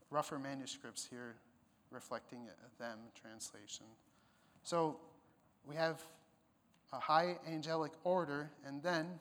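A man's voice: fairly high pitch, a bit bright, long reverb tail. A man preaching a sermon, explaining a passage emphatically, with some fillers and restarts. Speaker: pastor.

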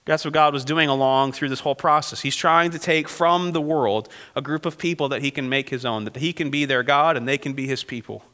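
A man's voice: mid-range voice, brisk, few pauses, pushed and bright. A man teaching a Bible passage verse by verse, reading scripture aloud and asking his listeners casual rhetorical questions. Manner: reads scripture aloud between casual remarks. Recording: long hall reverb.

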